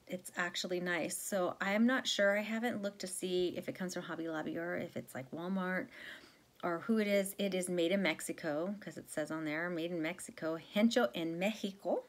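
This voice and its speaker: Woman, lowish voice, casual rambling vlogger chat with fillers. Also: normal speed. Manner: chatty, rambling, many fillers and self-corrections. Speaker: cross-stitch vlogger.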